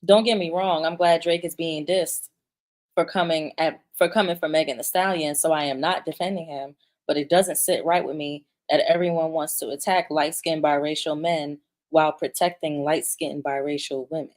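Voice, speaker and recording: Blunt, emphatic woman with a lowish voice. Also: steady tone, normal speed, a little mellow. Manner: blunt, emphatic, profane, talks with restarts; reads viewer comments aloud. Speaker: commentary vlogger. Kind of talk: opinionated commentary.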